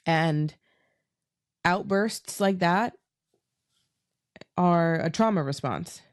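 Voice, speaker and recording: Low-voiced, frank woman podcaster. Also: extremely slow, no echo, studio quality. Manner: frank, profane, emotional and reassuring. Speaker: podcast host. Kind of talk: candid solo podcast talk. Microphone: talking into her camera.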